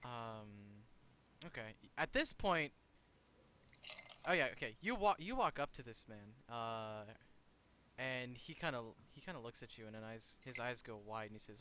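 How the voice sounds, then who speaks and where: A young man narrating as game master, halting and repeating himself as he goes. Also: mid-range voice, expressive, sharp tone, slight background noise.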